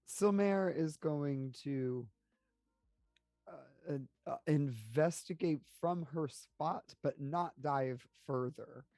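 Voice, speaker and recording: A tabletop game player describing their character's actions in a halting way with many fillers. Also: mid-range voice, darkish tone, no echo.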